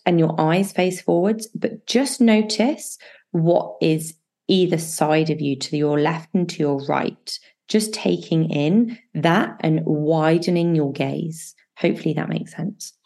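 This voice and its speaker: A woman hosting a solo advice podcast as a coach, talking listeners through fear with reassuring words and slow guided breathing exercises. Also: low voice, creaky. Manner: warm, reassuring self-help delivery with slow guided breathing passages.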